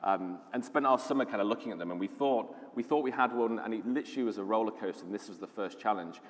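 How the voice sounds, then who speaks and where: Low-voiced british guy giving a conference talk, chatty and keen, reverb from the hall. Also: fast talker. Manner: enthusiastic storytelling, conversational with fillers. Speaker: conference speaker, lead designer.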